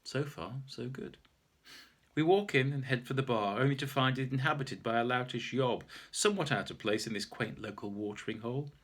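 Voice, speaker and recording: A man's voice: mid-range voice, fairly quick, few pauses, fairly bright tone. Wry man reading his own story. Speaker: author reading his memoir.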